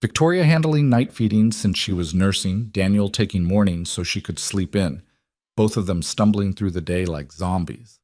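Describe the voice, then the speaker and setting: Low-voiced man narrating a story. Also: moderate pace, darkish tone.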